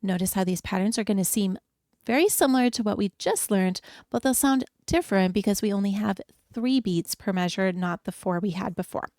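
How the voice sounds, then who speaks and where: A woman piano teacher giving a beginner lesson, encouraging and explaining each step clearly. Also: medium pitch, fairly quick, darkish tone, no room sound, studio quality. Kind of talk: friendly beginner music lesson.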